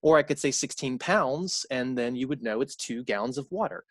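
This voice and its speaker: Guy teaching a college math lecture, middle pitch, repeats stuff, fixes his own slips, dry close sound. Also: lively intonation, moderate pace, no echo. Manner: conversational, repeats key points, corrects himself aloud. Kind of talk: recorded lecture.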